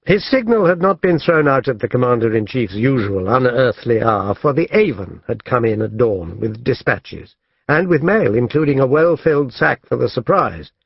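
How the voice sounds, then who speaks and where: A man reading an audiobook as narrator in a measured, even storytelling manner. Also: medium pitch, vocal fry, slightly rough, no echo. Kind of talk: scripted narration. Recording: dull lo-fi dry studio audio.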